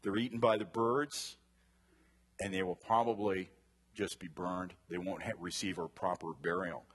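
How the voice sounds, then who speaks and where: A man's voice: sits low, steady tone, normal speed, husky. A man teaching a Bible study to a group in a chatty way, asking the class questions and drifting into side stories. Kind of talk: conversational Bible lesson to a group.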